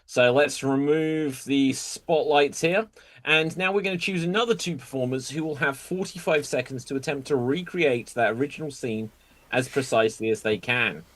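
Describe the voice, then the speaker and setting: A man's voice: mid-range voice, moderate pace, fairly bright tone. A man hosting an online improv comedy show over a video call, announcing the games with an upbeat manner. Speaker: host.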